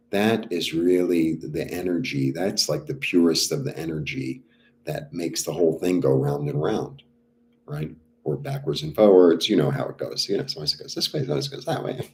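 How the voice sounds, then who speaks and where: A man's voice: a bass voice, a little hiss or hum. A man giving a casual, rambling spiritual talk about healing, with many fillers and restarts. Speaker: spiritual healer.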